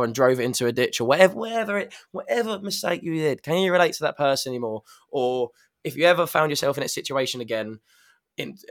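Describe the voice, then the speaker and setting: A man's voice: mid-range voice, a bit bright. A man on a podcast, talking candidly in a rambling, self-correcting way. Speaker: podcast guest. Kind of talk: casual chat.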